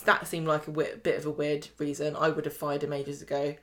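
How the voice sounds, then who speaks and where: A woman's voice: low-pitched, completely flat delivery, brisk, a bit bright. A woman co-hosting a podcast, chattily recapping soap scenes in a casual chat. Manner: chatty, recounts scenes with quoted voices. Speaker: podcast co-host.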